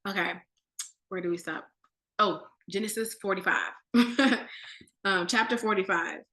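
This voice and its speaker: Woman teaching bible study, bright voice, echoey room. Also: mid-range voice, a little slow. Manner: animated, conversational, with slang. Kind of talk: casual Bible study talk.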